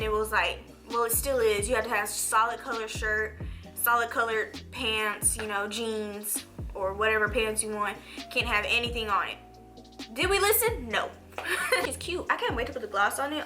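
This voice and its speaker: A young woman chatting through a makeup tutorial, rambling and animated, her voice jumping up when she rants. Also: moderate pace, over music. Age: young adult. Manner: animated, rambling, swoops high when ranting. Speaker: beauty vlogger.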